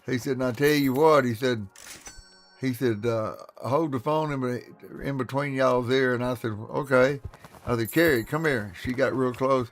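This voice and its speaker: Gravelly man spinning folksy yarns. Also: mid-range voice, normal speed, soft background music. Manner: folksy, laughs often, acts out his quotes. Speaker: streamer. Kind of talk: casual storytelling on a live stream.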